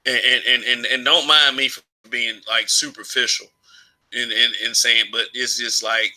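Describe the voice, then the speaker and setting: A man's voice: medium pitch, flat delivery, normal speed, bright, forceful tone, rough recording. A man from Alabama giving his opinions in a casual vlog monologue, rambling, restarting phrases and chuckling often. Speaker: vlogger.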